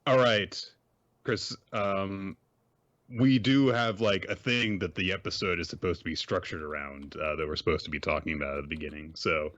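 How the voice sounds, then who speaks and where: A man hosting a podcast, summarizing a manga series in a rambling, measured way with lots of fillers. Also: low-pitched, fairly even intonation, a bit bright, no room sound. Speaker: podcast host. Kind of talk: casual chat and series summary. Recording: dry, dull lo-fi mic.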